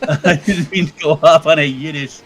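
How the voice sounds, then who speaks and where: A man's voice: fairly high pitch, moderate pace, a bit bright, a little hiss or hum, rough recording. A man co-hosting a casual livestream chat, rambling and joking with many stammered restarts. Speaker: co-host.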